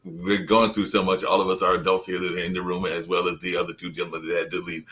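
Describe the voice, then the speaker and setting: A man hosting a casual radio talk show, rambling in a relaxed way with repeated stock phrases. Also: deep voice, fast, poor audio.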